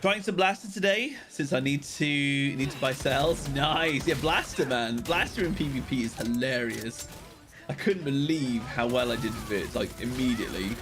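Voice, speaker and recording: A British man chatting casually with viewers while streaming a game, with excited outbursts at the action. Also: mid-range voice, moderate pace. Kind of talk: casual live-stream chat while playing.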